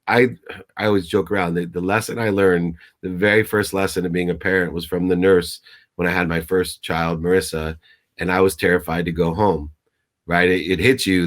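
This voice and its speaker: A middle-aged man with a very low voice speaks as a guest mentor in a motivational interview. He talks emphatically and with feeling at a moderate pace, with fairly even intonation, sounding slightly choked up and stumbling into restarts.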